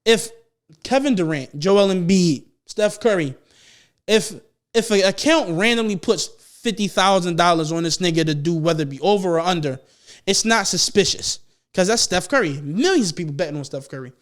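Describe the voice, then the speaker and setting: A young man hosting a podcast, chatting casually and profanely, getting animated and louder as he gets excited. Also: high voice, moderate pace. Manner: animated, profane storytelling, rising loud when excited. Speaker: podcast host. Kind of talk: casual chat.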